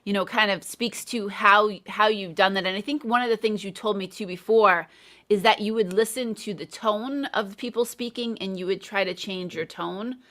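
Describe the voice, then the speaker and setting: A woman's voice: mid-range voice, fairly even intonation, normal speed, a bit bright. A middle-aged woman hosting a casual live interview, talking thoughtfully with many hedges and fillers. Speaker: host, English teacher.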